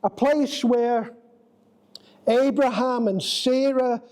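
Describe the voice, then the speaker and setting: In a church, a male preacher with an unusually high, darkish voice tells a story during his sermon, stretching phrases for dramatic effect at an unhurried pace. The recording quality is low.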